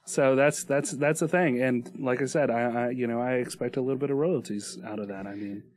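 A man's voice: mid-range voice, brisk, darkish tone, slight background noise. A man co-hosting a podcast in casual chat, joking and rambling with restarts and laughs. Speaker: podcast co-host.

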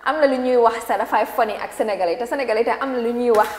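A woman's voice: on the high side, very fast. Gambian woman hosting an interview, mixes wolof english and french, lots of mm-hmms, very echoey room. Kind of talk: interview conversation. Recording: echoey room with long reverb.

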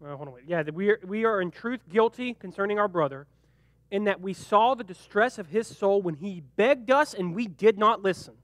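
High, lively young man teaching youth. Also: dry recording. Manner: animated and joking, acts out quick character voices. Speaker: youth pastor. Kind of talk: youth group Bible teaching.

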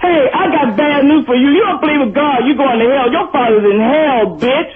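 Shrill, furious, cursing woman caller. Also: normal speed, phone-quality sound, a loud crowd. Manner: shouting, profane insults, very combative.

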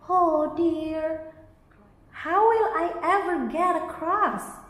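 Storybook bee: woman doing a tiny greedy buzzing boy, high and whiny, roomy echo. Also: animated, slow, a little mellow. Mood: scared. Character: small greedy male bee, anxious then cheerful. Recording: echoey, reverberant room.

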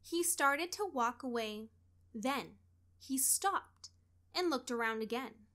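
This is a woman reading a children's story aloud. Her voice sits high, and her pacing is deliberate, with lots of expression.

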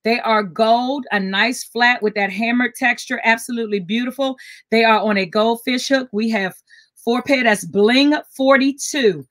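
Older woman, live-stream jewelry host, chatty and repetitive, somewhat high voice. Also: moderate pace, a bit bright. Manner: chatty, repeats item codes, greets viewers by name.

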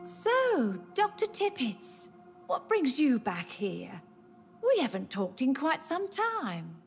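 A woman's voice: high-pitched, wildly swooping pitch, takes it slowly, vocal fry, full character voice. An actress voicing a frail, confused older mother in a video game, fretful and apologetic. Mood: cheery. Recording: game music behind.

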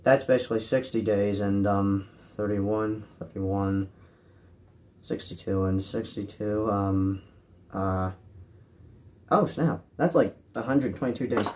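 A young man vlogging as a movie fan, anxious and exasperated, repeating himself and swinging from low mutters to cries. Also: slow pace, a little mellow, slight background noise. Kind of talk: frantic solo rant.

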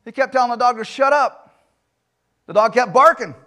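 A male pastor preaching a sermon in a church, emphatic, firing rhetorical questions and swinging between loud and soft delivery. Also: very high voice, normal speed. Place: church sanctuary.

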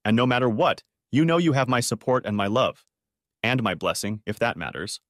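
A man voicing a gentle middle-aged mother who speaks softly and tenderly in an audiobook story. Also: medium pitch, lively intonation, brisk, dry recording, clean studio sound, close to an everyday voice. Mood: soothing. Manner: soft, tender and consoling.

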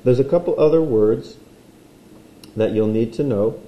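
A man's voice: medium pitch, measured pace, reverberant, highs cut off. A man teaching a recorded language lesson, playful and explaining while he draws.

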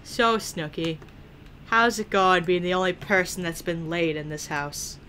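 Bright-voiced young woman teasing her game. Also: fairly low pitch, steady tone, measured pace, a little hiss or hum. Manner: playful, teasing, chatty, laughs often. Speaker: gaming video creator. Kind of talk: let's play commentary.

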